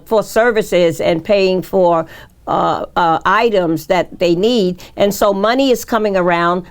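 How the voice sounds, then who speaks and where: A woman mayoral candidate speaks at a forum, halting often, restarting phrases and filling gaps with fillers. Her voice sits at a middle pitch for a woman. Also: smooth.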